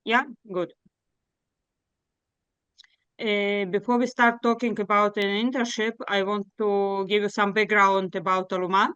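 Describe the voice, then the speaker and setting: A woman with a Russian accent presents her program in earnest but halting English. Her voice is smooth and clear. The sound is dry and close. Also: medium pitch, level tone, a bit bright, dry recording, lo-fi sound. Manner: earnest, halting non-native English with fillers. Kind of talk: workshop presentation.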